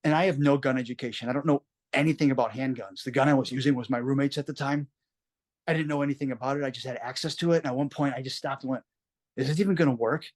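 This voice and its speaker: Male interview guest, mid pitch, earnest and reflective, plain-spoken storytelling. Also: fairly even intonation, fast talker. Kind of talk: personal story told in an interview.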